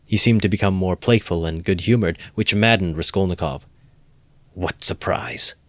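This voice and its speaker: Man, narrator, amateur audiobook reading, calm, even, dry close mic. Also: deep voice, brisk, no room sound.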